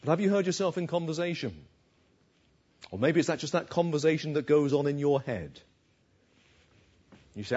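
This sermon comes from a man who keeps it conversational and poses questions to the audience. He has a slightly high, darkish voice with a breathy edge, and the recording quality is dull and lo-fi.

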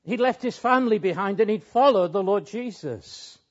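A man's voice: high voice, lively intonation, moderate pace. A man preaching an expository sermon in an earnest, emphatic way, pressing key words with rising and falling emphasis. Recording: dull lo-fi sound.

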